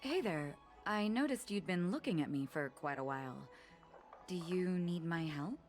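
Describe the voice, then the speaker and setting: A woman's voice: on the low side, expressive, moderate pace, faint music behind, lightly acted. A woman voicing a courteous, attentive guard in a video game. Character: attentive, helpful female guard. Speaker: game character.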